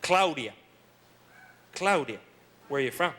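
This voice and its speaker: A middle-aged stand-up host on a comedy club stage teases and needles the crowd sarcastically, his higher-sitting voice lively in intonation and measured in pace. Loud laughter and noise from the live audience fill the recording.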